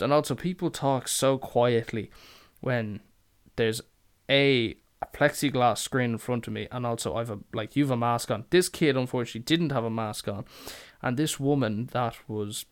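A man's voice: mid-range voice, clear, resonant tone. A young man telling comic stories from work in a sweary, rambling way. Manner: sweary, rambling, deadpan asides. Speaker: podcast host. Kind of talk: casual comic storytelling.

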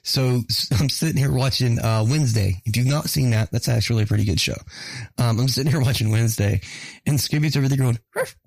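A man's voice: mid-range voice, quick pace, vocal fry, a little mellow, dry recording. A man, telling casual stories on a podcast, swearing freely and laughing along as he goes. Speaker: podcast co-host. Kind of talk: casual profane storytelling.

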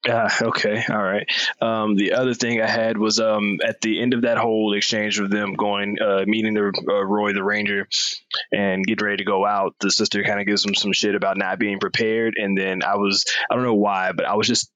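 A man's voice: on the low side, flat delivery, brisk, fairly bright tone, no echo, highs cut off. A man co-hosting a casual chat, rambling and asking questions with casual swearing. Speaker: podcast co-host.

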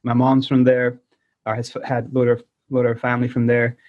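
A man with a Scottish accent still tinged by South Africa, speaking at a medium pitch for a man. He rambles through his story with restarts and fillers. The audio sounds a bit dull and lo-fi. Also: monotone, moderate pace. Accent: Scottish with South African traces. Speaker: podcast guest, musician. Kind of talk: casual interview storytelling.

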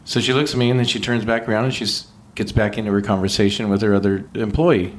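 Male podcast host from California, profane and animated storyteller, faint background hiss. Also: on the low side, quick pace. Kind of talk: casual storytelling.

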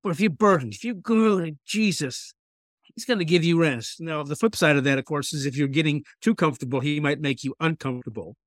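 Guy talking bible on a podcast, earnest, reads verses slow, dry mic. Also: a little high, dry recording. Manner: earnest, animated, quotes scripture slowly. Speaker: guest author. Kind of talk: casual faith podcast chat.

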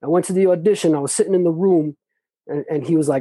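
Man with a dark husky voice, swears a lot, rambly story talk, dry sound. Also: on the high side, quick pace, no room sound, low-quality recording. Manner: loose, profane, full of restarts and "like". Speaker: interview guest. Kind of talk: casual storytelling.

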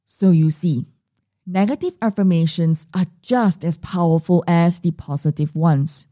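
A woman's voice: on the low side, measured pace, mellow, no room sound, clean studio sound. A middle-aged woman hosting her money mindset podcast, telling stories animatedly and acting out the voices she quotes. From Singapore. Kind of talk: solo podcast monologue.

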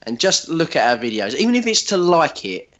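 Man, podcast co-host, lively up-and-down voice, chatty, self-deprecating. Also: a little high, fairly quick. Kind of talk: casual chat.

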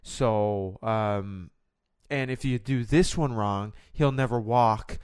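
Casual podcast bit: a guy doing a careless surgeon in a put-on accent, rattling off dire warnings offhand, crisp close dry sound. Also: on the low side, slow pace, darkish tone, no room sound. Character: rambling careless male surgeon teaching a trainee.

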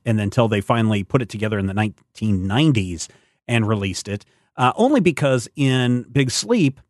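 A man talking movies in a playful, theatrical way, often stumbling over filler words. His voice is mid-pitched. The sound is close and dry, with no room echo. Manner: playful, theatrical, with many hesitations. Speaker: podcast co-host. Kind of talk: casual movie chat.

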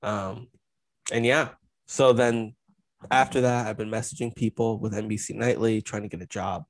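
A man's voice: on the low side, fairly even intonation, normal speed, dry recording. A young man co-hosting a podcast, telling a rambling, self-mocking story in casual chat. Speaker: podcast co-host.

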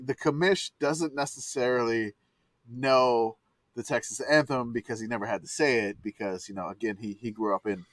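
A man's voice: mid-range voice, a bit bright, no room sound. A man from Louisiana co-hosting a casual podcast from home, rambling with many restarts. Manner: rambling, lots of restarts and laughs. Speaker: podcast co-host. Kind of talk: casual chat.

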